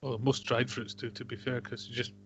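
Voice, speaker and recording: Man, mid-pitched, dry jokey quips, whisky tasting chat, dull lo-fi audio. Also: level tone, fairly quick, vocal fry, a bit bright, slight background noise. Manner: dry jokey asides, reads tasting notes aloud. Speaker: podcast co-host. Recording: dull lo-fi home podcast recording.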